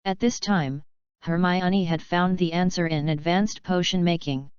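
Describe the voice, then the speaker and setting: A woman narrating a fanfiction audiobook in a steady, even reading. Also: on the low side, measured pace, clear, resonant tone, no echo. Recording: dull lo-fi dry recording.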